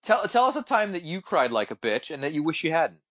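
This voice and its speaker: A man's voice: a little high, very animated, fast, fairly bright tone. A young man co-hosting a casual podcast, blunt and opinionated, swearing freely. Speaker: podcast co-host.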